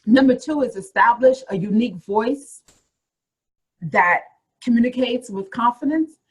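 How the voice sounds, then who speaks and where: A woman's voice: on the high side, a little slow, husky, poor audio. A woman career coach giving a motivational webinar talk, encouraging and addressing her listeners directly with repeated phrases.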